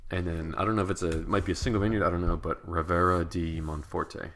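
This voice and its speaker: Deep-voiced, rambling joking man. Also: steady tone, very fast, a bit bright, slight background noise. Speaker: podcast co-host. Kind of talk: casual chat.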